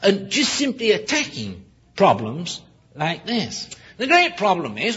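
A man preaching a sermon, emphatic and full of rhetorical questions, often pausing to correct himself with apologies. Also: high-pitched, huge pitch swings, fairly bright tone, slightly rough. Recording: dull lo-fi recording.

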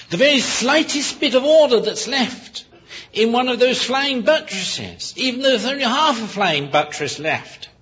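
A man preaching a sermon, emphatic and full of rhetorical questions, often pausing to correct himself with apologies. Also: high voice, fairly bright tone, husky. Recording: dull lo-fi recording.

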